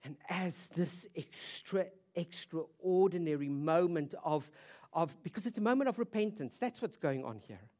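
In this sermon, a woman preacher brings the story to life with rhetorical questions, alternating between booming emphasis and quiet intensity. She speaks in a lowish, animated voice at a slightly slow pace.

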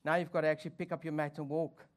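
A pastor giving a sermon with playful asides and wry humor. The delivery swings from loud, high emphasis to low, quiet reflection. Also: little pitch movement, rapid-fire.

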